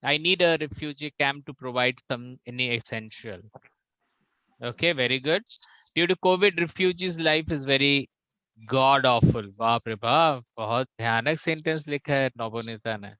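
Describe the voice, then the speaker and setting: Bright-voiced Indian English coach. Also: male voice, medium pitch, clear, resonant tone, no echo, poor audio. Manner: drills words by slow repetition, mixing in Hindi. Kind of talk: online pronunciation class.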